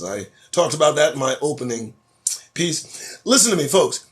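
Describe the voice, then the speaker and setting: Animated, profane man ranting on a live stream. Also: fairly high pitch, moderate pace. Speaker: host. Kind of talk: live-stream commentary on news headlines. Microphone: phone or webcam on a live stream.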